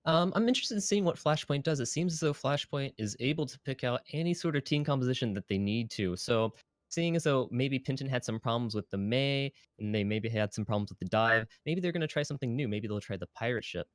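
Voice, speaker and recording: A man giving color commentary on an esports match, explaining strategy in quick, rambling runs on a headset mic. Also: mid-range voice, lively intonation, no echo, clean studio sound. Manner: fast, rambling analysis with fillers and restarts. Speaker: color caster.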